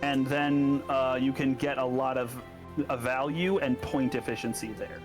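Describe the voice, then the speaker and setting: A man's voice: medium pitch, steady tone, a little slow, music in the background. A man patiently explaining a game on a stream, stumbling over hard names with a laugh. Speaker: game coach.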